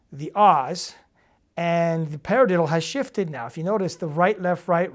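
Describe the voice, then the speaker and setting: A woman with a slightly low voice leads a drum lesson. She talks casually and explains step by step, calling out rights and lefts and counting beats. She keeps checking that the listener is following. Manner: casual and encouraging, with fillers and check-ins. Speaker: drum teacher. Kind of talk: instructional demonstration.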